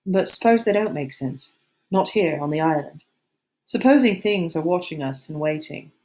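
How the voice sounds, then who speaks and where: A woman's voice: sits low, animated, moderate pace, a little mellow. A woman voicing a worried, earnest boy who leads his group, speaking cautiously, in an audiobook reading.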